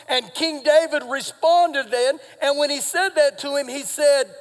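A man preaching live in a church hall, his voice very high for a man and ringing with long reverb. He swings from shouting to hushed, confiding retellings of scripture. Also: fairly even intonation, a little slow, hardly any pauses. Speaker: pastor. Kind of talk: sermon. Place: church sanctuary.

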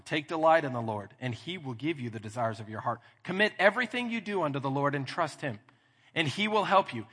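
Texan male pastor, husky edge, animated storyteller in a reverberant church. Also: a little high. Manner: animated storytelling, acting out dialogue. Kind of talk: sermon. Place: church sanctuary.

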